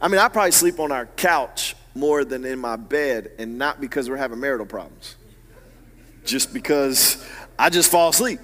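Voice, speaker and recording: A man preaching a sermon as pastor, animated and swinging from hushed, low asides to loud, emphatic peaks. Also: big-room sound.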